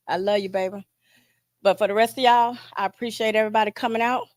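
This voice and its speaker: A woman, an aunt, giving a heartfelt, informal tribute at a memorial with pauses and restarts. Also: medium pitch, steady tone, no room sound, studio quality. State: choked up, near tears. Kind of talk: emotional memorial speech.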